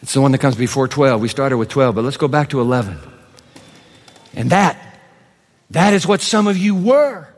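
A male pastor preaching a sermon in a church, swinging between loud proclamation and hushed, quick asides. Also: mid-range voice, animated. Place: church sanctuary. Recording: long hall reverb.

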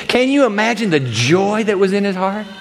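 A man preaching a sermon to a congregation, telling a story with lively acting and asides. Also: sits high, normal speed, long reverb tail, a little hiss or hum. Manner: animated storytelling, acts out characters. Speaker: pastor. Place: large church hall with long reverb.

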